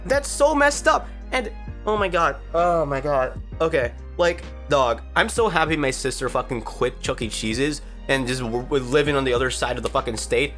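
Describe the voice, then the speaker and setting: In a casual storytime vlog, a woman with an extremely low voice tells a rambling story at normal speed, swearing and bursting out in exasperation. Faint music plays in the background.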